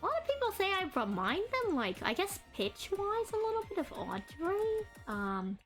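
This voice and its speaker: A young adult woman streaming while she draws, chatting and rambling to her viewers in a deliberately adopted voice and cadence. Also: extremely high pitch, huge pitch swings, a bit bright, faint music behind. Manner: chatty, rambling, greets chat by name. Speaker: streamer and artist. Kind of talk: casual live-stream chat while drawing.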